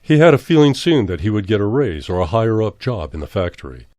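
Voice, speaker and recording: Male horror narrator, low, measured, dramatic, dry close recording. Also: sing-song, darkish tone, no echo. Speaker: storyteller.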